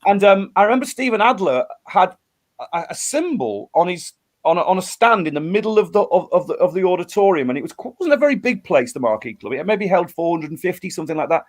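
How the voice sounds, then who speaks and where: A middle-aged man from the UK, a musician telling a lively story in a casual interview, acting out quotes with many restarts. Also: high voice, fast talker. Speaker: guest musician.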